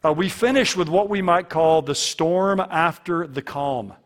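A man's voice: a little high, measured pace. A man preaching a sermon as a pastor, earnest and fond of repeating key lines for emphasis.

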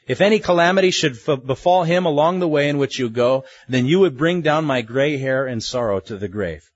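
A man's voice: medium pitch, expressive, brisk, lo-fi sound, natural voice. A preacher voicing a grieving old father. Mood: fearful. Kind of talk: sermon.

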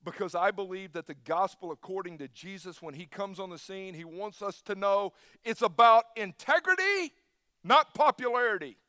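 Emphatic higher-voiced male preacher. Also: expressive, normal speed, pushed and bright, clean tone, dry recording, clean studio sound. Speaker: pastor. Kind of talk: sermon.

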